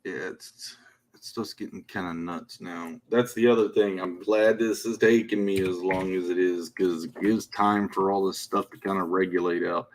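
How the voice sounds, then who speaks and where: A man's voice: low voice, fairly even intonation, moderate pace. A man hosting a game development livestream, chatting in a laid-back, upbeat way. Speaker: game developer and stream host. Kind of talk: casual livestream chat.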